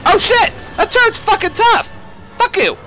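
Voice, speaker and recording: A man giving let's play commentary on a shooter game, excitable, swearing and yelling at enemies. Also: extremely high pitch, normal speed, faint music behind. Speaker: gaming YouTuber.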